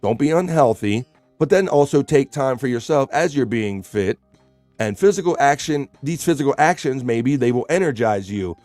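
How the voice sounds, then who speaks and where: Relaxed chatty male stream host. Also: mid-range voice, no echo, soft background music. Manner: relaxed, chatty, reads slowly then riffs. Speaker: livestream host. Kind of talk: casual horoscope reading to chat.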